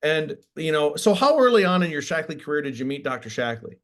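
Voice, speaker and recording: A fairly high-voiced man hosts a relaxed interview and reacts eagerly to his guests. His questions come out in bursts, full of restarts and fillers. His tone stays chatty and animated. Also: a little fast. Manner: enthusiastic, many restarts. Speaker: interviewer host. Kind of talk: casual interview.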